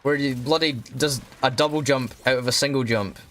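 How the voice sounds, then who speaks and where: A man's voice: medium pitch, steady tone, normal speed, a bit bright, slight background noise. A young man casually commentating on a game he plays, ranting and swearing often. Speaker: streamer. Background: faint background music.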